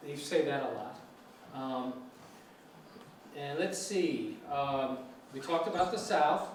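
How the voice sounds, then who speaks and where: Speaking slowly at a medium pitch, this middle-aged man runs a casual English lecture in a lecture hall. He chats freely, puts questions to the audience, and mimics regional accents, all captured from a distance in an echoey room with faint background noise.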